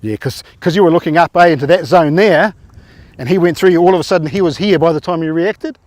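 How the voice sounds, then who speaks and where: Man coaching rugby drills, higher voice. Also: fast talker, a little mellow, no room sound. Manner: encouraging, asks players questions, informal. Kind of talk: coaching players through tackle drills.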